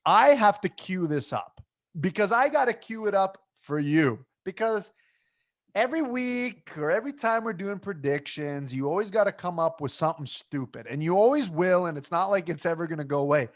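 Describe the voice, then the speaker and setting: A man's voice: sits high, expressive, moderate pace. A man co-hosting a sports podcast in casual chat, emphatic and repeating himself for effect. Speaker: podcast co-host.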